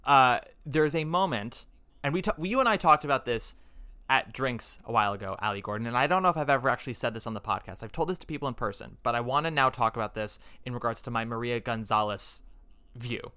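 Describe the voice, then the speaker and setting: A man's voice: medium pitch, fast talker, clean tone. A man hosting a podcast, telling stories with enthusiasm and acting out quotes in casual chat. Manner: animated, enthusiastic storytelling with acted-out quotes. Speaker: podcast host.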